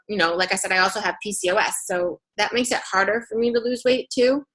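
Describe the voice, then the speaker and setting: A woman's voice: medium pitch, bright, forceful tone. A woman telling her story on a team video call, chatty and full of fillers. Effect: robotic distortion at times. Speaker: guest speaker.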